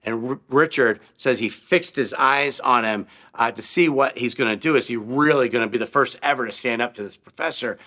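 A man's voice: mid-range voice, brisk, few pauses, bright, forceful tone. A male pastor delivering a sermon, telling a story and acting out the voices of the people in it with rising emphasis.

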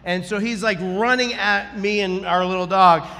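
High, bright-voiced pastor man. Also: moderate pace, big-room sound. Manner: animated, acts out quoted lines with shouts. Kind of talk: sermon with storytelling.

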